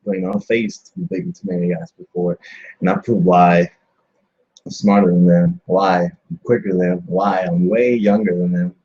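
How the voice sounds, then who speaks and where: A man's voice: low-pitched, fairly even intonation, normal speed, dull audio. A young man, a pro wrestler guest, talking casually on a radio show, boastful and cocky with lots of fillers. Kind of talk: casual interview chat.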